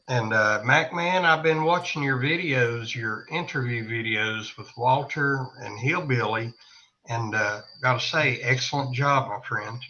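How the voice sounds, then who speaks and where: A man's voice: medium pitch, pushed and bright. A man appearing as a guest on a live podcast, speaking politely and without hurry. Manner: unhurried, polite and friendly. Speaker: guest YouTuber. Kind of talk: casual live podcast chat. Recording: dull lo-fi call audio with faint noise.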